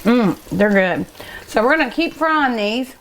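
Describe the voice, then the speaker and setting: A woman's voice: on the high side, lively intonation, measured pace, a bit bright, slight background noise. Chatty woman hosting a cooking show. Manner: chatty, emotional, eager and hungry, talks to viewers. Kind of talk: casual cooking show chat. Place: restaurant kitchen.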